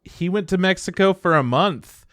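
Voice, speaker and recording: A man's voice: high voice, normal speed, a bit bright, no room sound. A man co-hosting a podcast, throwing in dry jokey asides and the odd swear in casual chat. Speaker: podcast co-host.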